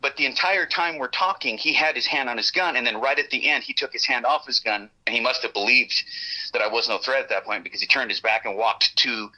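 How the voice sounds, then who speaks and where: A man tells his story with a very bright, cutting edge to his voice. He talks in a lively way, swears a lot and acts out each line of the exchange. The sound is narrow, like a radio broadcast. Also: medium pitch, a little fast. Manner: lively, profane, laughs often, acts out the dialogue. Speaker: guest telling an encounter story. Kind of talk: animated storytelling.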